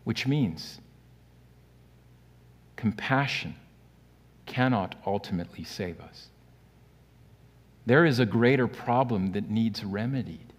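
Man preaching slow and earnest in a church, big hall reverb, gets loud then drops soft. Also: breathy edge. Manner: earnest preaching, rising to loud emphatic peaks and dropping to quiet lows. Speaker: pastor. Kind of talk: sermon.

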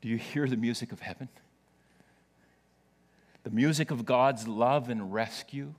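A man's voice: medium pitch, a little slow, big-room sound. A male pastor preaching a sermon to his church, telling a story with playful asides to the congregation.

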